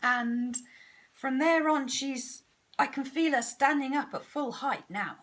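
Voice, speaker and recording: A woman's voice: high voice, slow, a bit bright. A woman, a parent, speaking candidly in a casual vlog monologue, frank and self-deprecating. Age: adult parent. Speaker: vlogger.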